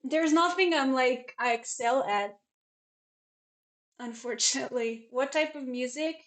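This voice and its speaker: Chatty young woman streamer, slightly high. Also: unhurried, fairly bright tone. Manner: chatty, rambling, answers chat questions. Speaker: chess streamer and commentator. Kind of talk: casual live-stream chat.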